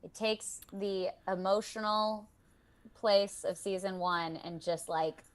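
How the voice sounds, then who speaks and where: A woman speaks in a mid-range voice over a video call, chatting as a guest. She is animated and quick to emotion. Her sentences restart often as she thinks aloud. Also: medium pitch. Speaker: voice actor guest. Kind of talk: casual interview chat.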